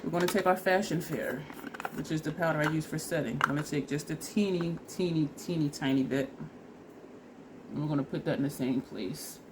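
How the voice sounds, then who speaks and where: Talking a little fast in a deep voice, this woman is a beauty vlogger casually narrating her makeup try-on one step at a time. Background noise runs underneath, and allergies leave her sniffly and teary as she chats and laughs at herself.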